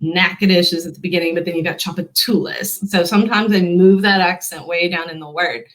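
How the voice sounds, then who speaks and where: A woman's voice: on the low side, low-quality recording. Playful woman hosting a quiz. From Louisiana. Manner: playful, laughs often, slows down to sound out words. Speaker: host. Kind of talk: casual pronunciation quiz.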